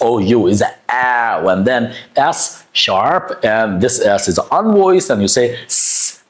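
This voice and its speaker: Man slowly drilling pronunciation with lively pitch. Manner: drawn-out, exaggerated sounding of words, encouraging; breathy stressed H sounds. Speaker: pronunciation teacher. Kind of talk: phonics lesson, modeling words slowly.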